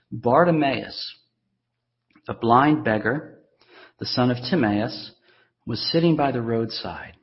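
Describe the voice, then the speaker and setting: A man preaching a sermon as pastor, earnest and emphatic, repeating words for stress. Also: on the high side. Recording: dull lo-fi recording.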